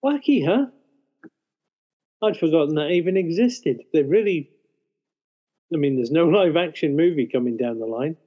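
A man's voice: fairly high pitch, lively intonation, normal speed, pauses often. A man co-hosting a podcast, chatting in a wry way, recorded on a lo-fi setup. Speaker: podcast co-host. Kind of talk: casual chat. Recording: dull, lo-fi with long reverb from an unplugged mic.

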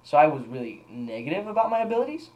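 A man's voice: a little high, big pitch swings, quick pace, lo-fi sound. A young man co-hosting a podcast, telling a story in rambling casual chat with lots of fillers and restarts. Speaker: podcast co-host.

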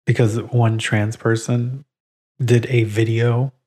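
A man in a relaxed podcast conversation, his voice sitting at an ordinary middle pitch. He talks in an animated, easygoing way, laughs often and drops the odd curse word. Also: slow. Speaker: podcast co-host. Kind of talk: casual podcast chat.

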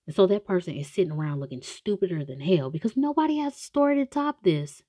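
A woman retells a story for laughs in a slangy, animated way, often breaking off for asides. Her pitch sits a little low but swings widely. The recording is close and dry. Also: quick pace, hardly any pauses, no room sound. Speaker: show recapper. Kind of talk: casual comedic retelling.

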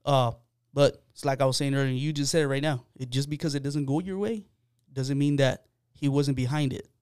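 A man with a smooth, clear voice speaks as a podcast guest, telling a personal story in an earnest, loose way with plenty of fillers. The sound is dry and close, with almost no room echo. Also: medium pitch, fairly even intonation, brisk, darkish tone. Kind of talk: casual podcast chat.

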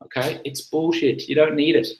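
A man's voice: on the high side, level tone, normal speed, darkish tone. Chatty man in an echoey room. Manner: rambling, with frequent fillers and restarts. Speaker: livestream host. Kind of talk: casual storytelling to a live chat.

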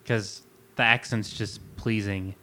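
A man co-hosting a podcast, chatting in a relaxed, easygoing way about music and accents. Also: lowish voice, takes it slowly. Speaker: podcast co-host. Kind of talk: casual music chat.

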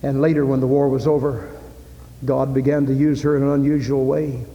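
A man preaching a sermon with impassioned delivery, building to loud climaxes. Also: mid-range voice, little pitch movement, fairly quick, lo-fi sound. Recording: echoey hall with faint ambience.

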